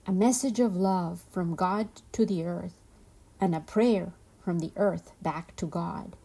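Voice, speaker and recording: A woman voicing a calm, wise old female turtle in a storybook reading, speaking softly and slowly. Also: on the low side, creaky, slightly rough, heavily acted. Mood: serene. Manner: slow, soft and measured.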